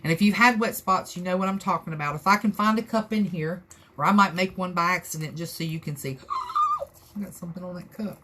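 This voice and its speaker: A woman's voice: on the low side, fast talker, sharp tone, a little hiss or hum. Chatty Southern woman crafter. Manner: chatty, rambling, folksy, talks to viewers. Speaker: crafter hosting a live tutorial. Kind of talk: casual how-to chat.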